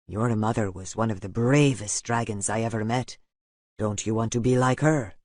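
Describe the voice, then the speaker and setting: A man voicing a calm, patient male mentor in an audiobook, speaking slowly and gently. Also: on the low side, dry recording, clean studio sound, voice pushed down, close to an everyday voice. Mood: gentle.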